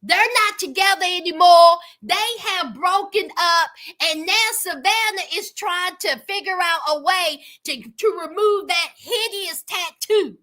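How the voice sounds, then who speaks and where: A woman's voice: very high voice, a little slow, hardly any pauses, pushed and bright. A woman hosting a reality TV recap in casual commentary, sassy, gossipy and emphatic, repeating phrases for effect.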